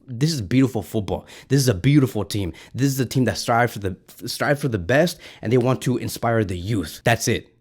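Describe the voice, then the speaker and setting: A man hosting his own fan channel talks straight to his viewers after a match. His voice sits in an ordinary middle pitch, and his delivery is passionate and ranting, with words repeated as he gets worked up. It sounds like he is speaking from indoors at home. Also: darkish tone. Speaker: football fan channel host. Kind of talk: excited post-match reaction monologue.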